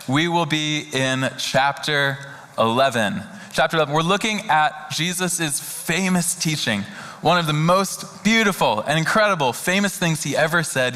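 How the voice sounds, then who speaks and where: A man's bright, forceful voice carries through a big church hall with a long reverb trailing behind it. He preaches in an earnest, conversational way and drops into a slow, hushed delivery for scripture readings. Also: a little high. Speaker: pastor. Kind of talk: sermon. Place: church sanctuary.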